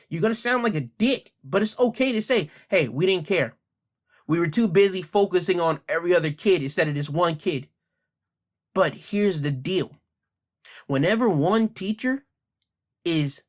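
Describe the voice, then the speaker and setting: A man hosting an opinion podcast, heated and blunt, hammering the same rhetorical questions and speaking in casual slang while holding back his anger. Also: sits high. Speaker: podcast host.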